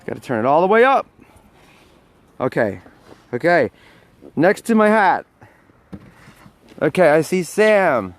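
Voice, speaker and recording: A man's voice: a little high, sing-song, slow, long pauses, no room sound. A man with a New York accent hosting a casual live stream from his phone, outdoors on a snowy street, joking with viewers and cold. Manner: joking, chatty, talking to viewers while walking in snow. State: cold, freezing. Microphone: phone held in hand.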